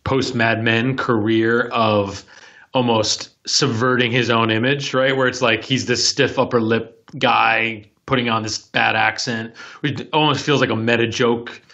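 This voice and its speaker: A man's voice: mid-range voice, steady tone, measured pace, creaky, bright, forceful tone, highs cut off. A man co-hosting a film podcast, thinking aloud and often checking for agreement. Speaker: podcast co-host. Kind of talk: casual film discussion.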